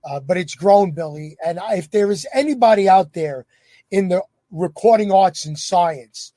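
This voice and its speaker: A male podcast host with a high yet warm, dark-toned voice asks questions admiringly. He hesitates often and fills pauses. The sound is dry, with no room echo. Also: lively intonation. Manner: admiring, hesitant with many fillers. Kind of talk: casual interview.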